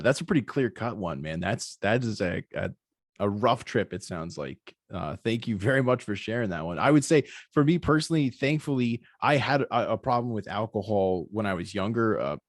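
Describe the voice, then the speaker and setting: A young adult man speaks in a mid-low voice on a podcast. He talks in a laid-back, rambling way full of fillers. The sound is dry and close, with no room echo. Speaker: podcast guest. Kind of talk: casual conversation.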